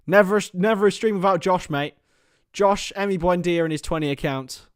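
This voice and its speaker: A young man talks through a football match on a live stream, mixing play-by-play with easy chat to viewers. His voice sits a little high and laughs break in often. The sound is dry and close. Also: brisk, clear, resonant tone, dry recording. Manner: chatty, laughs often, greets viewers by name. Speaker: live stream host and commentator.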